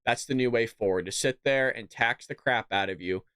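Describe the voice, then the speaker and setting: A man's voice: mid-range voice, normal speed, a bit bright, clean tone, no room sound, clean studio sound. A man hosting a political commentary podcast, talking in a sarcastic, mocking, chatty way. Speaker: podcast host.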